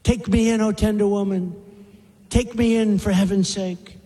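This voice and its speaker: A man's voice: sits high, steady tone, normal speed, mellow, husky. A vicious wheedling snake, as a man puts him on. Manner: pleading, sing-song refrain. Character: sly vicious male snake, wheedling then mocking. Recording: long hall reverb, rally speech.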